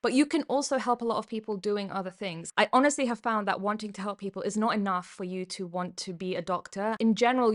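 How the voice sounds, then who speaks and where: A woman's voice: medium pitch, a bit bright. Give me a young British woman reading comments aloud and laughing them off. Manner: amused, laughs often, chatty. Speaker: YouTuber and former doctor. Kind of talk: casual reaction vlog, reading comments aloud.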